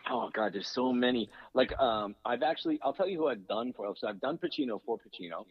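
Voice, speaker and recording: A husky-voiced man speaks over a dull, muffled phone line, and the sound is dry. He is a voice actor who tells stories in an animated way and often slides into other voices along the way. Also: medium pitch, fairly quick, dry recording. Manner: animated, slips in and out of impressions. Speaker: guest voice actor and impressionist. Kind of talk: casual storytelling on a radio call-in.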